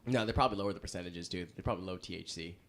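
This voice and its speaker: A young man who fronts a band, appearing as a podcast guest, tells rambling, self-mocking stories in casual conversation and laughs often. His voice is low and he talks very fast.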